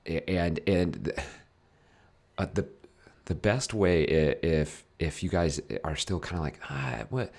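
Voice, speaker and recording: A man hosting a casual podcast chat, talking in an animated way with many restarts. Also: low-pitched, unhurried. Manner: animated, many restarts, acts out worried thoughts. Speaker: podcast host.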